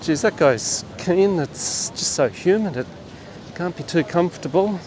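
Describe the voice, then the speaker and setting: A man's voice: a little high, lively intonation, measured pace, a little mellow, a little hiss or hum. A man giving casual, wry walking commentary to a handheld camera outdoors on a beachfront street. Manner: wry, chatty asides to the camera. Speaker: vlogger on a walking tour.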